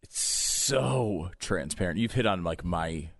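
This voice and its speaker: A man's voice: low-pitched, expressive, takes it slowly, dry recording, studio quality. A male co-host on a talk show, ranting with emphatic indignation. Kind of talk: comedic talk show banter.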